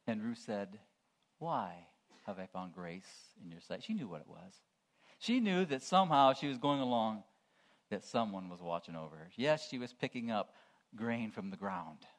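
A man preaching a sermon. He swings between hushed, low asides and loud, proclaiming calls to the congregation.

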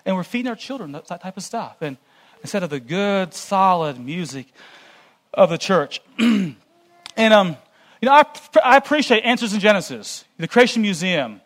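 High-voiced man giving an earnest church talk. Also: animated, moderate pace, a bit bright. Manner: earnest and cautionary. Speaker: church speaker. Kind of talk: conversational sermon lecture.

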